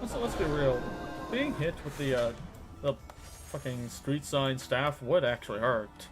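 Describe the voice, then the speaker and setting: Brief: man co-playing, relaxed banter, mid-pitched, faint music behind. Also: unhurried. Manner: wry, conversational. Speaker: co-player. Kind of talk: casual gaming chat.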